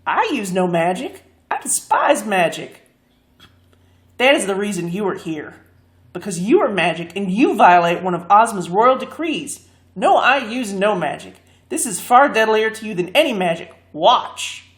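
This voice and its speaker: A woman's voice: mid-range voice, sing-song, unhurried, reverberant. A woman voicing a portly, cold man who despises magic and threatens the others. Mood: menacing. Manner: blunt and threatening.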